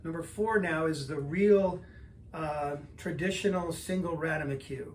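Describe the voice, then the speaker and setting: A man's voice: fairly high pitch, measured pace, a little hiss or hum. Older male drum teacher, count-ins. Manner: relaxed, explanatory, counts in before playing. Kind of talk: instructional lesson talk.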